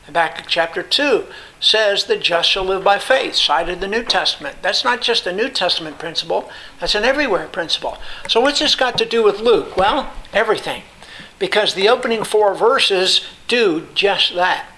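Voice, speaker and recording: A man preaching a Bible teaching sermon, explaining terms in an unhurried way with many pauses and emphatic repetition. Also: high voice, animated, pushed and bright, slight background noise, rough recording.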